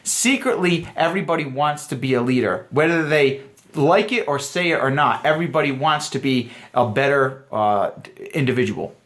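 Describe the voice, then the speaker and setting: Man, dating coach, emphatic and earnest, talking to camera, mid-pitched voice. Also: moderate pace, a bit bright. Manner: earnest and emphatic, addressing viewers as guys. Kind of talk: direct-to-camera coaching talk.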